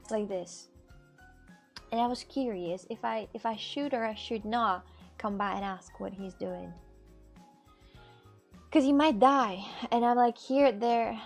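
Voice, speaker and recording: A woman's voice: fairly high pitch, darkish tone. A woman making clay crafts on a live stream, rambling and repeating herself as she talks to her viewers, with a lilt. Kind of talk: casual live-stream chat.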